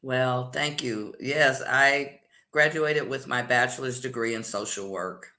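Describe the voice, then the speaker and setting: A woman's voice: very deep voice, unhurried, pushed and bright. A woman co-hosting a casual livestream talk show, chatting cheerfully. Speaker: co-host.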